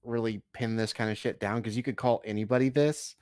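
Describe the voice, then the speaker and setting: A man's voice: medium pitch, fairly even intonation, brisk, darkish tone, clean tone, dry recording, clean studio sound. A man co-hosting a stream, reacting to a video with blunt, profane rants. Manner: blunt, swears a lot, ranting. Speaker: stream co-host. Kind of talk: casual chat reacting to a video.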